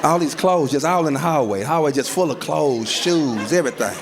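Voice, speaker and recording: A male stand-up comedian tells a story in a high, animated voice that swings widely in pitch. He acts out the sounds and voices as he goes. Laughter from a live audience fills the recording. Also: brisk, a loud crowd, heavy background noise.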